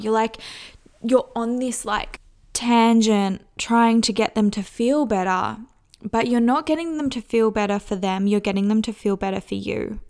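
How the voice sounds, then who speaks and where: A woman's voice: medium pitch, creaky, darkish tone. A young woman hosting a solo podcast, talking candidly and conversationally, sometimes acting out what people say. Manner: candid, conversational, acts out quoted voices. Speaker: podcast host.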